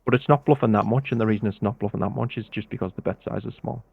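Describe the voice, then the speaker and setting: A British man coaching poker in a relaxed, step-by-step way over a video call. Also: lowish voice, racing, gravelly, husky, no room sound. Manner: relaxed, explains step by step with filler "yeah". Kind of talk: casual coaching explanation. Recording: tinny phone-like call audio.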